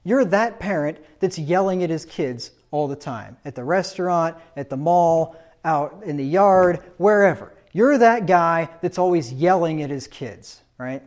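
A man's voice: fairly high pitch, expressive, a little slow, darkish tone. A man preaching a sermon on child discipline, talking emphatically with frequent rhetorical questions and repeated points.

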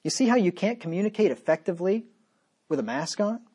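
A man delivers a sermon, reading scripture aloud in a firm voice. His talk swings between loud, emphatic points and quiet, sarcastic asides. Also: high-pitched, lively intonation, fast, slightly rough. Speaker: preacher.

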